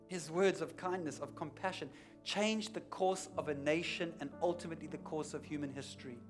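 Male pastor, slightly high voice, preaching in church with faint music behind; emphatic peaks, hushed drops, repeats for weight. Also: fairly quick, few pauses. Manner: rises to emphatic peaks, then drops to quiet intensity; repeats key lines for emphasis. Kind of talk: sermon.

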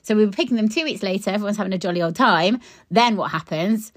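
A woman co-hosting a podcast about flower farming. She tells chatty, animated stories with quick asides. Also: mid-range voice, no room sound, studio quality. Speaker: podcast co-host, flower farmer. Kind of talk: casual chat.

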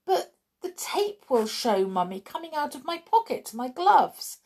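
A woman voicing a forgetful little girl who sulks and wails, in a high childish voice. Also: big pitch swings, unhurried, a little mellow, full character voice. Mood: protesting.

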